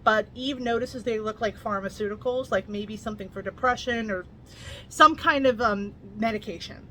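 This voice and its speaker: A woman reviewing books in a casual vlog. She speaks candidly, swears freely, and retells the plot in a lively way, slipping into quoted lines. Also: on the high side, normal speed, a little hiss or hum. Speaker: book reviewer.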